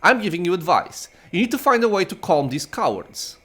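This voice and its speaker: A chatty young dragon girl brags and chirps her advice with a swooping, lively voice, as a man reads her game lines. She sounds playful and pleased with herself, and the voice sits a little high. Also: fairly quick, heavily acted. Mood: chirpy. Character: cheerful young female dragon child. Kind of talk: reading game dialogue aloud.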